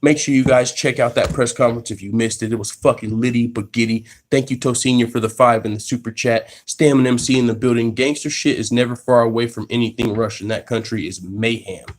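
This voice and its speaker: A man hosting an MMA live stream from his workplace, telling the story casually in profane slang and restarting sentences as he gets excited. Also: mid-range voice, a little fast, hardly any pauses. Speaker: MMA channel host.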